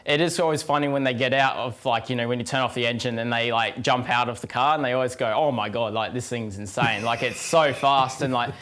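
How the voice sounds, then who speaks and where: A man's voice: medium pitch, fairly even intonation, quick pace, few pauses, a bit bright, clean tone. A teenage man with an Australian accent, a guest driver answering interview questions in a hesitant way with lots of fillers. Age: teens. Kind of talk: casual interview.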